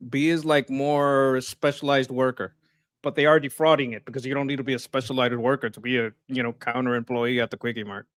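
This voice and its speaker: A man's voice: medium pitch, fairly even intonation, brisk, no room sound, studio quality. Blunt man co-hosting a livestream. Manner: blunt, explanatory, stumbles and restarts. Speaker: co-host. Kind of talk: casual political chat.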